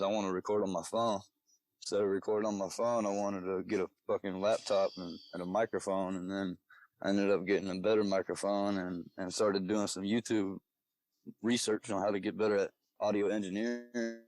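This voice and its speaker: A man talking as a guest on a podcast, relaxed and swearing, full of "you know what I mean". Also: on the low side, no echo, low-quality recording. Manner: relaxed, swears, many fillers. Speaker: guest rapper. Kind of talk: casual podcast interview.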